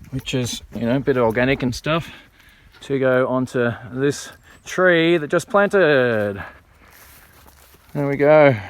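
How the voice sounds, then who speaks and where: Chatting casually while he works outdoors, this man plants trees on hilly rural land and explains it all in a relaxed show-and-tell vlog. He has a mid-range, clean-toned voice.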